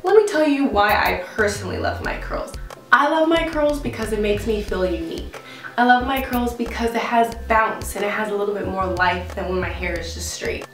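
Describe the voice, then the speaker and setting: A woman in her twenties, a vlogger, talking casually to camera in a bubbly, expressive way. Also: moderate pace, faint music behind. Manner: bubbly and expressive, swinging pitch.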